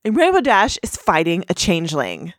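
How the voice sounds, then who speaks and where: Bubbly woman recapping with a lively voice. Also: moderate pace, no echo, studio quality. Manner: bubbly, puts on squeaky high voices for quotes. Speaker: episode recap host. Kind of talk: casual recap chat.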